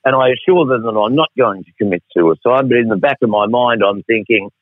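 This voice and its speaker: A man's voice: medium pitch, a little fast, hardly any pauses, dry recording. A middle-aged Australian man telling a rambling, profane, wry story as a radio guest. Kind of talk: casual storytelling on air. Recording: tinny phone line, dry.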